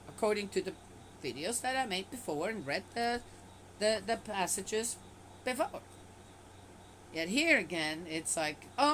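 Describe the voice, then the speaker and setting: A woman reads a scripture passage aloud, often stopping to comment on it skeptically in a casual, offhand way. Her voice is on the high side and a bit bright, on a low-quality recording with slight background noise.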